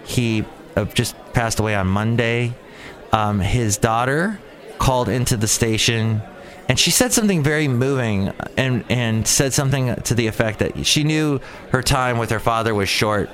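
A man's voice: mid-range voice, moderate pace, a bit bright. A man hosting a casual solo show, rambling and sarcastic as he jumps from topic to topic. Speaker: podcast host.

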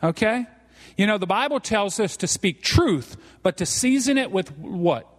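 A South Louisiana pastor with a Cajun accent and a fairly high voice for a man preaches a live sermon from the church pulpit, expressive and unhurried. He folds teasing, folksy jokes into his points and keeps tagging lines with "okay?", while a long hall reverb rings around him.

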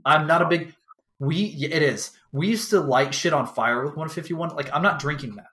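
A man's voice: a little high, normal speed, pushed and bright. A young man telling a long, rambling story in casual chat as a podcast co-host, acting out what people said and swearing freely. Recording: echoey room.

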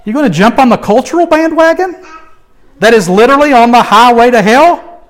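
A male preacher with a high voice that leaps up and down as he urges his listeners on. He swings between loud, emphatic calls and quiet, confiding asides. The delivery is lively and full of emphasis. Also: fairly quick. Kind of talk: sermon.

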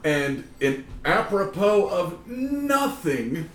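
Guy cohosting a podcast, all over the place pitch-wise, rambly, loud bursts, echoey room mic kinda far. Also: big pitch swings, drawn-out words, a little hiss or hum. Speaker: podcast co-host. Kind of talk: casual chat.

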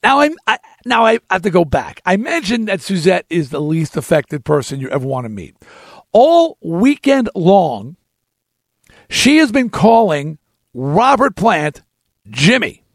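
Host, male, 60s: high, gravelly, lively storyteller who rants and acts out every character, dry close sound. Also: unhurried, dry recording. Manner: ranting, acts out other people's lines. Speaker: podcast host telling a story. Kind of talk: animated storytelling.

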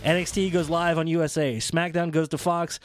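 A man co-hosting a casual chat about wrestling, excitable and rambling, often laughing as he talks. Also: a little high, fairly quick, music in the background. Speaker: podcast co-host.

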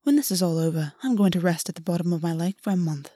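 A woman reading the lines of a weary young male fae who speaks with quiet urgency. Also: lively intonation, fast talker, breathy edge, no room sound, studio quality. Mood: wry. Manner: urgent, low-key and insistent. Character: weary young male fae, tense older brother type.

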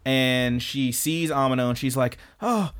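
A man's voice: medium pitch, a bit bright, clear, resonant tone. Joking, swearing man recapping an anime. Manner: profane, jokey, acts out characters' lines in quick voices. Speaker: podcast co-host. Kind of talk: casual anime recap chat.

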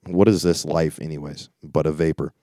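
A man's voice: extremely low pitch, steady tone, normal speed, warm tone, dry recording, studio quality. A man leading a Bible study, reading verses aloud and adding informal comments in a conversational way. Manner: reads scripture aloud then comments informally; conversational, with frequent restarts and asides. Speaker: preacher.

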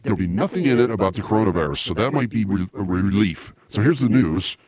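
A man hosting a comedy podcast, rambling excitably with many restarts. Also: lowish voice, fast. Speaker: podcast host.

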